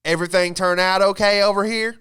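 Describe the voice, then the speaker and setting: A folksy, drawling restaurant manager, put on by a man in a high, loud, twangy voice. The tone is smooth and clear, pitched well above his own speaking voice. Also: fairly even intonation, brisk.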